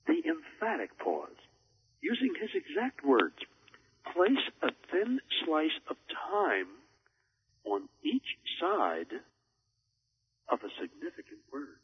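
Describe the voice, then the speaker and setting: A man coaching on public speaking in a measured way, with deliberate pauses for emphasis. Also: on the high side, lo-fi sound, slight background noise. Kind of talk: instructional talk on a recorded program.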